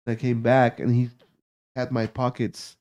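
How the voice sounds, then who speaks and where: A man telling a story in casual talk, animated and full of profane street slang. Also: medium pitch, normal speed, highs cut off.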